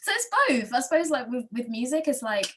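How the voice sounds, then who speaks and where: A woman speaking in a mix of RP and South London accents, chatting as a singer and voiceover guest in an expressive, slightly dramatic way with frequent laughter. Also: a little high, fairly quick, slight background noise. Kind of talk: casual interview chat.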